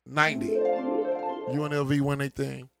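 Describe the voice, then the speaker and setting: A man's voice: mid-range voice, a little slow, gravelly, loud music behind the voice. A man, telling a long, profane street story to friends and acting out the dialogue. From Chicago. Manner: animated, profane, acts out dialogue with laughs. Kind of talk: casual group chat, storytelling.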